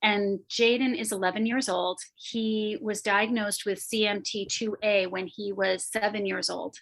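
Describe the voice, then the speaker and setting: A woman coach and former psychotherapist answering interview questions articulately and quickly. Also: medium pitch, fairly even intonation, creaky, poor audio.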